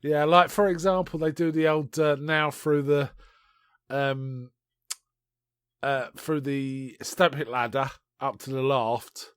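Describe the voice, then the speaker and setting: A man on a podcast, casually retelling a film in a rambling, animated way with restarts. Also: medium pitch, slow, clean tone, no room sound, clean studio sound. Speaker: podcast co-host. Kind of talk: casual chat reviewing a film.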